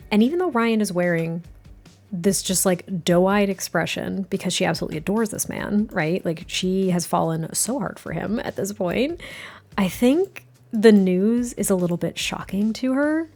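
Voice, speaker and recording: A woman's voice: medium pitch, moderate pace, darkish tone, soft background music. A woman casually narrating a life-sim story, chatty and giggly, rambling and restarting her sentences. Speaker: game narrator. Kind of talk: casual let's-play storytelling.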